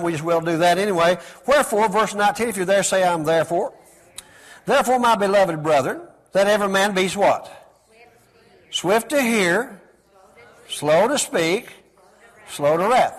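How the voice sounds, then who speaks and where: A man preaching a sermon in call-and-response style, asking the congregation to repeat words after him and swinging between loud exclamations and soft asides. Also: sits high.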